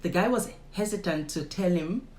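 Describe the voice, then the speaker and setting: A woman's voice: lowish voice, moderate pace, darkish tone, roomy sound, rough recording. A young woman with a Nigerian accent, a vlogger chatting emphatically to her viewers and laughing often. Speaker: vlogger interviewing her father. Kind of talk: casual commentary to the camera.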